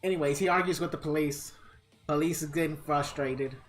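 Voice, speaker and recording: A man's voice: fairly high pitch, steady tone, fairly quick, soft background music. Rambling, laughing male streamer. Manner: rambling and amused, laughs often, acts out quoted people. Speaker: live streamer. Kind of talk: casual storytelling during a live game stream.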